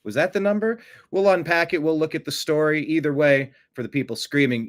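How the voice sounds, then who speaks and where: A man hosting a political commentary show, animated and sarcastic, who often mocks others by putting on high voices. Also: brisk. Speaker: host.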